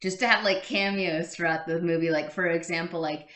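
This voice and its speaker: A woman's voice: on the low side, fairly even intonation, a little fast, fairly bright tone. A woman hosting a casual fan reaction show, chatty and gushing as she comments on clips. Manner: chatty, gushing, fond of throwbacks. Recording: echoey room.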